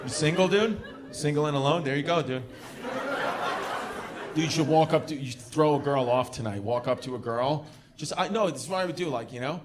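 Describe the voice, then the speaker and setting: Male stand-up comic, somewhat high voice, crowd work, live club with audience laughter and noise. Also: fairly quick. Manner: loud, laughing, drops to a mutter for asides. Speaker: stand-up comedian. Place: comedy club.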